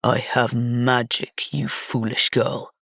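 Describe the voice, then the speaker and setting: Brief: haughty young nobleman , read by a woman, sneering and insulting, gravelly edge. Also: very deep voice, little pitch movement, slow pace, a bit bright, no room sound, full character voice. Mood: scornful. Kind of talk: audiobook character reading.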